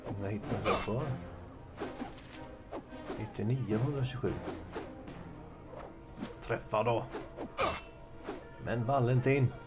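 A man's voice: mid-range voice, unhurried, pauses often, loud music behind the voice. A man from Sweden with a Swedish accent, casually commenting on his gameplay and reading out game text. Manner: mutters and mixes two languages. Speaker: let's play gamer.

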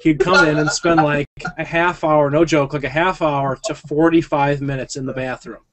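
A man's voice: fairly high pitch, fairly even intonation, moderate pace, no room sound. A man hosting a casual podcast, telling a rambling story and laughing often. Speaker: podcast host.

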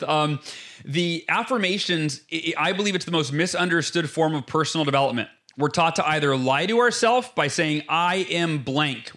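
High-voiced, emphatic motivational speaker man. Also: a bit bright. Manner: emphatic, acts out inner voices; lays out numbered steps. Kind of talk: energetic motivational explanation.

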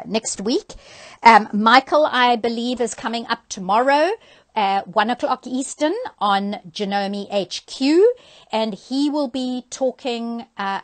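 An older woman hosting a sewing live stream, chatting casually through announcements with frequent ums and uhs into a handheld phone. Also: medium pitch.

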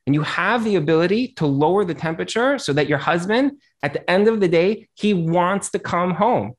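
Guy on a talk show giving earnest advice, kinda high voice, repeats himself a lot. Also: fairly quick. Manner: earnest, explanatory, repeats phrases. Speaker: rabbi and accountant guest.

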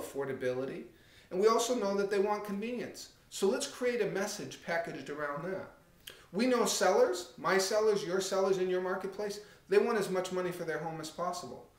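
High-voiced man coaching, echoey room. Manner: direct, conversational, with animated acted-out anecdotes. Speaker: real estate coach. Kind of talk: coaching talk to camera.

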